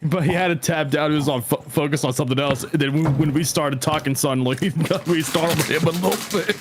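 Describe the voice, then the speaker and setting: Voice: mid-range voice, a little fast, slight background noise. A streamer chatting casually while gaming, joking and laughing with friends.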